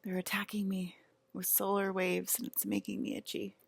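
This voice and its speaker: A woman vlogging in a casual monologue, rambling and halting with lots of fillers. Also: mid-range voice, completely flat delivery, creaky, a little hiss or hum.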